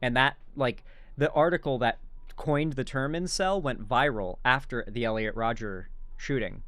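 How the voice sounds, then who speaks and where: A man's voice: mid-range voice, moderate pace, dry recording. A young man giving rambling, self-correcting reaction commentary on a video. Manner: rambling, self-correcting, bursts into loud laughter.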